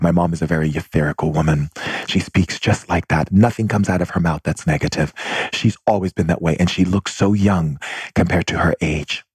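Low raspy guy giving a heartfelt spiritual pep talk, repeats himself a lot. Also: fairly quick, darkish tone, no room sound. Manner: repetitive, impassioned, calls listeners his family. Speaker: spiritual teacher.

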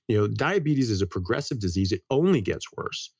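A middle-aged man with a lowish voice, talking as a doctor in a casual interview. He rushes through lively stories, doubling words and restarting phrases. The recording is dry and close. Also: husky, dry recording. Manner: lively storyteller. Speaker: guest, medical doctor.

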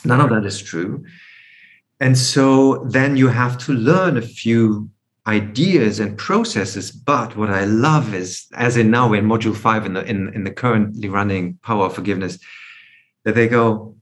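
A man's voice: lowish voice, measured pace. A man coaching on forgiveness in a podcast interview, reflective, explaining through rhetorical questions.

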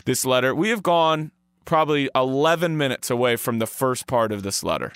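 A man's voice: medium pitch, animated, a little fast, fairly bright tone, clean tone, no room sound, studio quality. A man co-hosting a podcast in casual chat, rambling and playful with many fillers. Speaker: podcast co-host.

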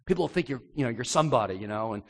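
A man's voice: mid-range voice, expressive, racing. A scornful male devil goads and mocks, pushing hard for someone to give in, as a preacher acts him out. His voice swings wildly up and down, and long reverb trails after every line. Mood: coaxing. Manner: goading, mocking, insistent. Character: taunting male devil tempter, scornful and pushy.

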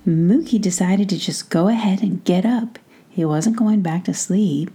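A woman tells a whispered bedtime story in a slow, soft hush. Her voice is mellow and dark, with a gravelly, breathy edge. The delivery stays gentle and unhurried. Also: mid-range voice, faint music behind.

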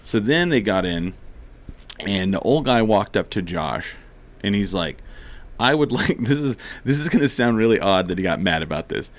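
A man's voice: on the low side, lively intonation, normal speed. A man chatting casually, telling a rowdy story with plenty of swearing and laughter, acting out what people said. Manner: swears freely, laughs often, acts out quotes.

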